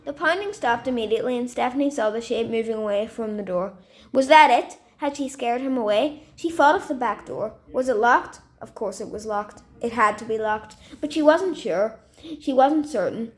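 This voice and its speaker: A woman reading a novel chapter aloud in steady storytelling, with occasional slips. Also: a little high, normal speed. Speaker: story reader.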